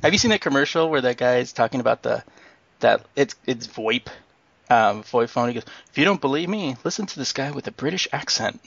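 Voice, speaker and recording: A man with a gravelly, fry-edged voice co-hosts a podcast, reading news with plenty of "um"s and laughs. He sounds giddy. The recording is dry and somewhat muffled. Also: medium pitch, fairly quick, no room sound. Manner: excited, laughs often, reads news with fillers. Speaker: podcast co-host. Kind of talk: casual news chat.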